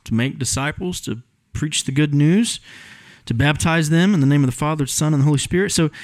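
A man's voice: fairly high pitch, brisk, no echo. A man preaching an expository sermon in a church, explaining the text in an earnest teaching way with frequent ums. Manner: earnest teaching, explains word meanings, many fillers. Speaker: pastor. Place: church sanctuary.

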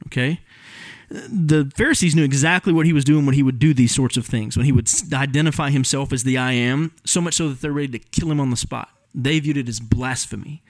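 A male pastor walks through a Bible passage in an earnest, explanatory sermon, pausing on ums as he teaches. His voice sits a little high for a man, and the sound is dry and close, with little room around it. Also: dry recording. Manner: earnest teaching, explains word meanings, many fillers. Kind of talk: expository sermon. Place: church sanctuary.

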